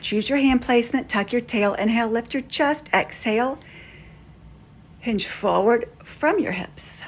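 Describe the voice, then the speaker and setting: Calm woman guiding a yoga class. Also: on the high side, a little slow. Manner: calm, steady step-by-step instructions. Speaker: yoga instructor. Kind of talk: guided yoga class cues.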